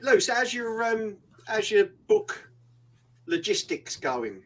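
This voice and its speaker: A man's voice: high voice, very animated, takes it slowly, fairly bright tone, recorded from a distance, slight background noise, rough recording. A man teasing friends playfully in casual chat.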